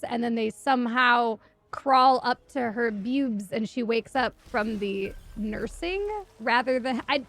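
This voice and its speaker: A woman streamer casually retelling stories while gaming, sarcastic and profane, animated. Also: fairly high pitch, creaky.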